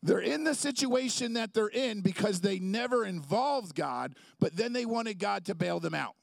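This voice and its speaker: A man's voice: high-pitched, expressive, normal speed, creaky, no room sound, clean studio sound. A young adult man preaching a sermon in a conversational, joking storytelling way, acting out quotes along the way. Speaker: pastor.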